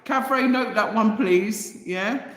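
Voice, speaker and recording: A woman's voice: fairly high pitch, unhurried. A woman hosting a livestream and reading out viewer comments, talking passionately and directly to her audience. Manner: passionate, impassioned, talks straight to viewers. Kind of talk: emotional livestream chat. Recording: roomy echo with long reverb.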